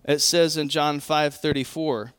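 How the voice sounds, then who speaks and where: A man pastor preaching a sermon, earnest and emphatic, often quoting scripture and pausing to correct himself. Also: on the high side, fairly even intonation, fairly bright tone, smooth.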